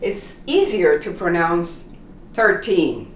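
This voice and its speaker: A woman teaching English pronunciation, repeating words slowly and carefully for learners. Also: medium pitch, very animated, distant mic, a little hiss or hum. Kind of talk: pronunciation lesson. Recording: roomy echo, voice a bit off-mic, faint ambience.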